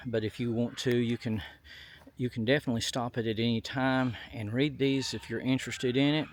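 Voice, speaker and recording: Man, average pitch, folksy vlogger reading plaques outdoors, faint ambient noise behind. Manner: folksy, reads plaques aloud with fillers and apologizes for slips. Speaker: vlogger touring historic sites. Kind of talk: casual outdoor tour narration. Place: outdoors at a memorial site on a hot day.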